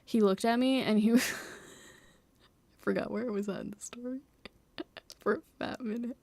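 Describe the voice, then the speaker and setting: A woman's voice: a little high, steady tone, unhurried, dark tone, dry recording. A young woman chatting casually on a live stream from home, rambling, giggling and mocking herself, sometimes dropping to a whisper.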